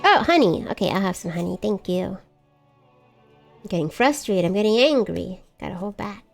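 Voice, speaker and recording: A woman live-streams a video game, chatting casually and poking fun at herself whenever she loses her way, often with exclamations. Her medium-pitched voice swings widely in pitch at a moderate pace, with a creaky quality and soft music playing in the background.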